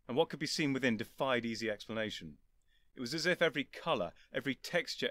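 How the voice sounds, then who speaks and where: Man, audiobook narration, expressive storytelling, animated pitch, dry close sound. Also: dry recording.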